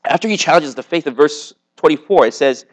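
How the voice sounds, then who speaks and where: A man's voice: on the high side, animated, brisk, rough recording. A man, likely a youth pastor, preaching a casual sermon to a young live audience in a conversational way, with lots of "like" and "okay?". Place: meeting room with a live audience.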